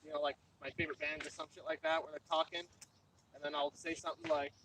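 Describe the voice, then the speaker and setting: A man's voice: on the high side, fast. A man fishing nearby who chats casually, tells stories with loose energy and swears now and then. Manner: loose, swears, animated storyteller. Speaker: fellow angler. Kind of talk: casual chat. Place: outdoors at a lake. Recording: distant from the phone, clear outdoor noise.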